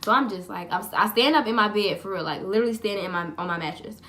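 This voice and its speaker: A woman's voice: mid-range voice, fast talker, fairly bright tone. A young woman vlogger telling a personal story to camera in a chatty, profane, dramatic way.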